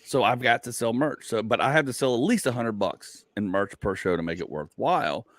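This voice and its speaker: Male comedian host, animated storyteller, rambly, restarts a lot, dry close mic. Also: medium pitch, fairly quick, no echo. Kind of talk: casual podcast chat.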